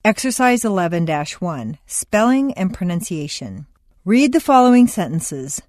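A woman reads a training lesson, announcing each heading and rule in a clear, measured way. Her pitch swings up and down with a lively lilt, and the recording is dry and close, with no room sound. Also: no room sound. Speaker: narrator of an accent lesson. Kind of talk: scripted instructional reading.

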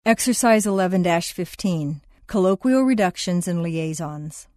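A woman giving calm, scripted instructions for a language course exercise. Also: on the low side, moderate pace, dry recording, studio quality. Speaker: course narrator.

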